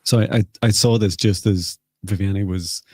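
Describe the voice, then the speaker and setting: A man hosting a live psychic healing session, speaking softly and hesitantly with many pauses. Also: lowish voice, steady tone, dry recording. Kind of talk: slow, gentle guided healing talk.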